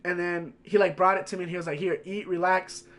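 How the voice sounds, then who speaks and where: A man streamer telling a story in a casual, animated way, swearing constantly and packing his lines with fillers. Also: sits high, racing.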